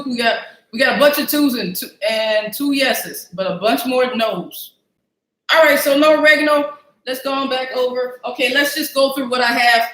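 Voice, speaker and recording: A woman's voice: high-pitched, a bit bright, roomy sound. A woman hosting a casual live cooking stream, chatty and self-mocking as she talks to her viewers from a home kitchen. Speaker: cooking show host.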